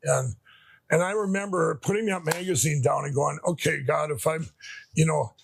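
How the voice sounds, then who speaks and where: Gravelly, husky middle-aged man telling a story. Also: on the high side, normal speed, dry recording. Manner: rambling, restarts often, emotional retelling. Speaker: interview guest. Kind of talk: conversational storytelling.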